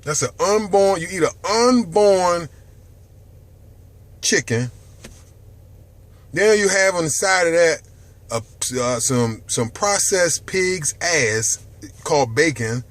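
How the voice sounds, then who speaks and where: A man with a somewhat high-pitched voice preaches to the camera about healthy living, swearing freely and pleading with the viewer. He talks from a dark room, often rising to loud outbursts and then sinking into hushed near-whispers. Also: animated, slow, pauses often. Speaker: health vlogger. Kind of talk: impassioned health monologue to camera.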